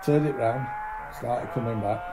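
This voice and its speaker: A man with a medium-pitched voice tells a long anecdote in casual conversation, taking his time over background noise. He swears freely and acts out what other people said, mimicking their voices when quoting them.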